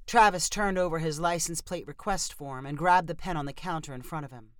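A woman narrating a storybook in a steady, even reading. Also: low-pitched, fairly quick, hardly any pauses, no room sound, clean studio sound.

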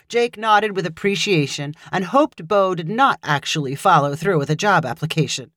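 A woman narrating a short story in a measured, expressive reading voice. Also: on the low side, no echo, studio quality.

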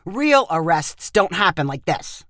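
A woman's voice: on the low side, big pitch swings, measured pace, fairly bright tone, no room sound, clean studio sound. A woman reading a cocky young prankster. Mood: breezy. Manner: breezy, joking, dismissive.

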